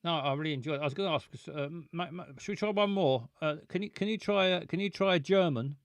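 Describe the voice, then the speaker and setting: A man's voice: a little high, fast, dry recording. A man chatting casually and jokily, often stumbling and repeating his words as he reads out viewer questions. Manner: stammering, repeats words, jokey. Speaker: streamer reading viewer questions. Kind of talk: casual chat.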